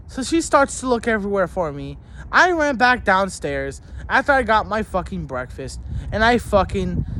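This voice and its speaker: A vlogger telling a story as an angry rant, swearing constantly and shouting at times. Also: medium pitch, a little hiss or hum.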